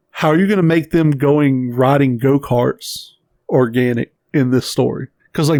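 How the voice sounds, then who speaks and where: A man with a mid-range voice co-hosts a casual podcast. He gives blunt, profane opinions and gets animated as he rants. The recording is close and dry. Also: mid-range voice, no room sound. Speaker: podcast co-host. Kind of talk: casual chat.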